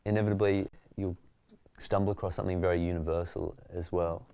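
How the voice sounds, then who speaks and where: An Australian man, a stand-up comedian, telling stories in a relaxed, reflective way during an interview. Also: low voice, brisk, vocal fry, smooth. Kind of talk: interview conversation.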